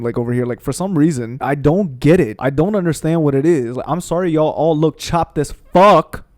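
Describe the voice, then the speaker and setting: Young guy ranting fast and cussing, mellow voice, dry close mic. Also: on the high side, no echo. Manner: fast, profane, exasperated ranting. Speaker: gaming streamer. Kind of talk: ranting storytime over gameplay.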